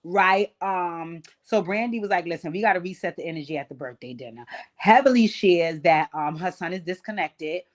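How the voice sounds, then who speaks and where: A woman's voice: on the low side, moderate pace. Sassy, blunt woman recapping reality TV. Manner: sassy, blunt, profane, animated asides. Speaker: commentary channel host.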